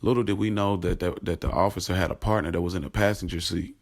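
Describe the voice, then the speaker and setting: Man, very deep voice, casual streetwise storytelling, profane, audio drama narration. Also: fairly even intonation, fast talker. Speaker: narrator and creator. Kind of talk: first-person storytelling narration.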